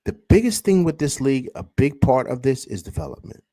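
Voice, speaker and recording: A man's voice: medium pitch, expressive, brisk, vocal fry, mellow, dry recording. Heated man firing off rhetorical questions. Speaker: sports show host. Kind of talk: fan reaction commentary.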